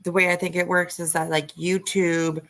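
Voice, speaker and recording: A woman's voice: on the low side, flat delivery, normal speed, a bit bright. A woman hosting a casual live stream, chatting and teasing as she reads out viewer comments.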